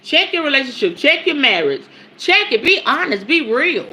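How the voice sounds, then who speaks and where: Animated woman preaching about emotions. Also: moderate pace. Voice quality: lively, animated pitch swings. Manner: earthy, emphatic, swears casually, laughs often. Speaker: podcast host and spiritual teacher. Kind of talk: casual spoken teaching monologue.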